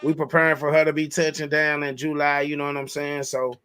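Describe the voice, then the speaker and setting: A man's voice: fairly high pitch, completely flat delivery, a little fast, sharp tone, clear, resonant tone, soft background music. A man, co-hosting a podcast in laid-back casual chat that he keeps filling with "you know what I'm saying.". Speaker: podcast co-host.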